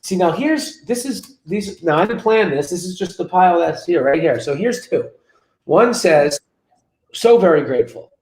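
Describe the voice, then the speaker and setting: A man's voice: sits high, normal speed. A man in his forties, a business coach and guest on a web show interview, telling stories energetically and repeating phrases for emphasis from his office over a video call. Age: 40s. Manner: energetic, repetitive, storytelling. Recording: roomy room echo.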